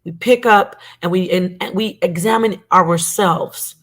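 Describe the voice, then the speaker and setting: Low-ish voiced middle-aged woman ranting on her show, heated and repetitive, swears a lot. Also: measured pace. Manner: emphatic, repetitive, heated, profane. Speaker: show regular and commentator. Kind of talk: impassioned online monologue.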